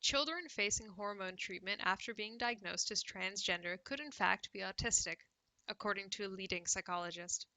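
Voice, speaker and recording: A woman's voice: medium pitch, moderate pace, bright, forceful tone, no echo, rough recording. A woman from Canada with a Canadian accent, hosting a casual livestream and reading news with sarcastic asides. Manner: sarcastic, laughs often, drinks cider on stream. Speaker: livestream host.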